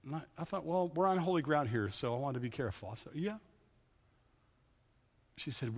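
A man's voice: fairly high pitch, fairly quick, long pauses, breathy edge. Man preaching in a reverberant church. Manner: conversational storytelling, lively then hushed and earnest. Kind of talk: sermon.

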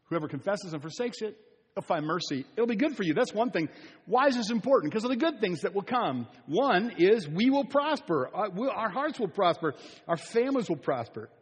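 A man's voice: high voice, big pitch swings, a little fast, slightly rough, big-room sound. An older man, a pastor, preaching a sermon in an earnest, pleading way, repeating his phrases for emphasis. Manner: earnest, repetitive, pleading delivery. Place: church sanctuary.

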